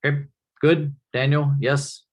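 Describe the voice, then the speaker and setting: A man giving a classroom lecture in a relaxed, conversational way, often checking in with the class by asking "right?". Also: a little high, a little slow.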